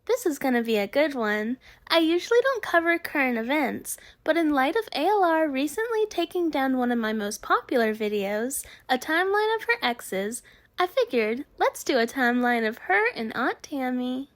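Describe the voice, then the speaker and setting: A woman's voice: high voice, big pitch swings, normal speed, dry recording. A woman hosting a commentary channel, giving a chatty, friendly scripted intro to her video.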